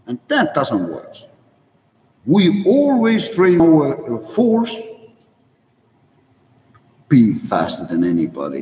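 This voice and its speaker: A man with a fairly high voice that rises and falls a lot, speaking in halting, broken English. He talks bluntly and swears freely. He is recorded from well back in a big room with a long echo. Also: a little mellow. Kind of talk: opinionated monologue. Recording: echoey hall, mic far off.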